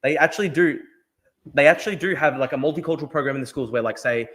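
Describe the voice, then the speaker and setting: A man's voice: on the high side, fast talker, fairly bright tone. An Australian man hosting a political livestream, talking emphatically, repeating himself and swearing freely. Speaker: livestream host. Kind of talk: casual political livestream talk.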